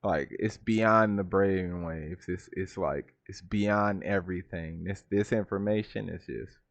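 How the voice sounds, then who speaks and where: A man's voice: low-pitched, a little slow, gravelly, dry recording. Laughing, mocking man reacting to a clip. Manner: laughs often, mocking and incredulous. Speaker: reaction video host. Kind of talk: casual reaction commentary. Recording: dull lo-fi sound.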